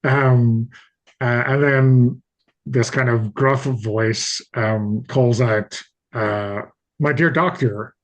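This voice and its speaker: A man running a tabletop game as game master, describing the scene slowly and hesitantly with many fillers. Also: medium pitch, level tone. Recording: dull lo-fi audio.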